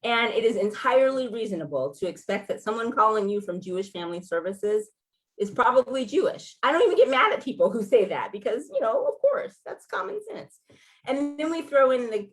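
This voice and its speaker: A woman in her forties from Los Angeles, telling a personal story to a gathering in a conversational, animated way. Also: on the high side, fairly quick. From Los Angeles, California. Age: 40s. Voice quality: sounds like a Valley girl. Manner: conversational, animated storytelling with laughs and acted quotes. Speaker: featured speaker.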